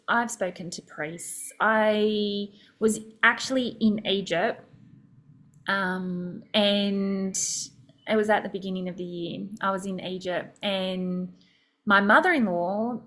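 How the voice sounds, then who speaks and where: A woman's voice: mid-range voice, fairly bright tone. A young adult woman hosting a podcast, telling a personal story in a chatty, reflective way with many fillers. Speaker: podcast host.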